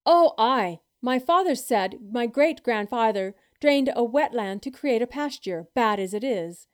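An elderly farmer from a storybook, plain and matter-of-fact in manner, read by a woman. He speaks in a slightly high, light voice. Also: lively intonation, unhurried, clean tone. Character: elderly Scottish farmer man, terse.

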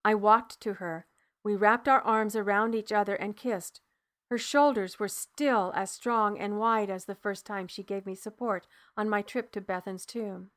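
A woman narrating an audiobook in the first person, measured and soft, dropping low at dialogue tags. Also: fairly even intonation.

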